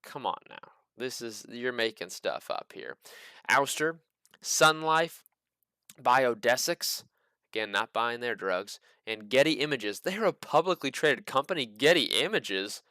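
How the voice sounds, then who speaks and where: A man's voice: mid-range voice, expressive, a little slow, bright, forceful tone, smooth, no room sound, clean studio sound. A man hosting a casual stock market video, full of joking, incredulous asides. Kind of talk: casual commentary.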